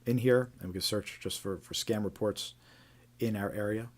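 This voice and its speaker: A man's voice: on the low side, steady tone, normal speed. A man hosting a live stream, casually reading out reports with frequent fillers and restarts. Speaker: host.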